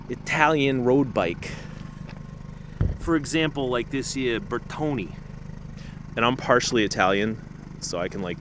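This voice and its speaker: A man chatting to the camera while trash picking outdoors at night, excitable, through a small camera-mounted mic. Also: mid-range voice, background noise. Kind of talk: casual vlog narration.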